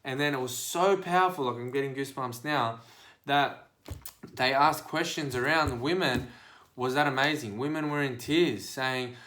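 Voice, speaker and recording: A man hosting a podcast, speaking casually and directly to his listeners in a preachy, animated monologue of advice. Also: mid-range voice, moderate pace. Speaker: podcast host and life coach.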